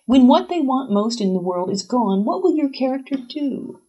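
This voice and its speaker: Woman reading as a wry writing teacher, blunt, brisk, mellow tone, storybook reading. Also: sits high, sing-song, dull audio, pitched above the performer's own voice.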